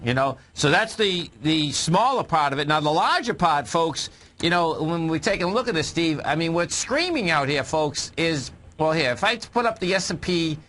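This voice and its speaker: A man's voice: on the high side, fairly bright tone. A man co-hosting a radio market show, talking emphatically and repeating phrases as he speaks to listeners. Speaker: co-host, market analyst. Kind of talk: radio market talk with callers. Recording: radio broadcast.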